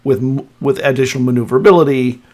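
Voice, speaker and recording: A man narrating as game master of a tabletop role-playing game, describing scenes with halting restarts. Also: medium pitch, steady tone, a little mellow.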